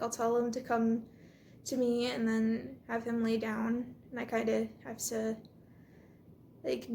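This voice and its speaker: A young woman talks casually through training her service dog at home, reassuring viewers. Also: a little high. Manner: chatty and reassuring, with soft praise for the dog. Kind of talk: casual vlog narration. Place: home room with a couch. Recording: echoey room, faint noise.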